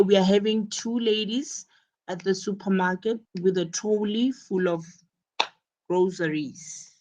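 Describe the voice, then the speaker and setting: A woman teaching an English lesson online, explaining slowly and repeating her key points. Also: medium pitch.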